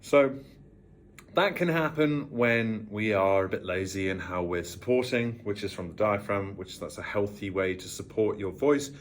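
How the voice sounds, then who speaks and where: A British man with a very low voice and a neutral, trained accent, explaining voice work in a measured, carefully articulated way. He sounds a little tired, with a touch of vocal fry in his delivery. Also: expressive, a little hiss or hum. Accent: trained neutral British English. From Worcestershire, England. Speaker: voice coach. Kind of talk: talking-head vocal lesson.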